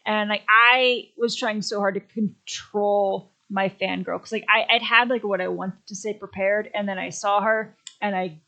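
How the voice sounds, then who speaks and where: A young adult woman telling a friendly, excitable story about meeting a favorite star in casual chat. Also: medium pitch, normal speed, hardly any pauses, lo-fi sound. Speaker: podcast guest.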